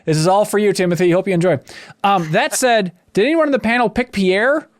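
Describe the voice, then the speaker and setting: Casting: male podcast host, high and bright, playful teaser, reads listener letters, dry close mic. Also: brisk, no room sound. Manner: playful, teasing, reads messages aloud. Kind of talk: casual game discussion.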